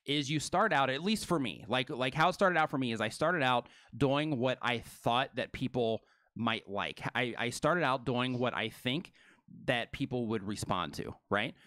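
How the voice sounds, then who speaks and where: Heard through a close mic with no room sound, this co-host has a mid-range, medium-pitched voice. On the live stream he moves fast and with energy, peppering his talk with "you know" and "right."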